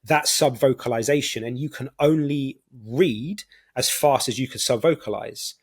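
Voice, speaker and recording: A man's voice: medium pitch, moderate pace, slightly rough. A man with a British accent, a podcast guest in casual conversation, explaining ideas with everyday examples. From United Kingdom.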